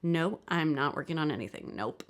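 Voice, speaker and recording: A woman's voice: deep voice, animated, a little fast. A woman reading a self-conscious new mother who rambles sheepishly at a dinner table.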